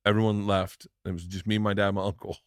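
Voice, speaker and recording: A man's voice: lowish voice, flat delivery, quick pace, dry recording, studio quality. A middle-aged man hosting a podcast, telling stories in casual chat, swearing and quoting other people as he goes. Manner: swearing storyteller, quotes others. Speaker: podcast host.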